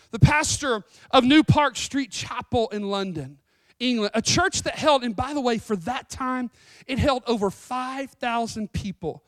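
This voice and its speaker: Woman pastor, sermon, earnest, emphatic, high voice, dry sound. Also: dry recording. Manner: earnest, emphatic, with scripture readings and dramatic slowdowns.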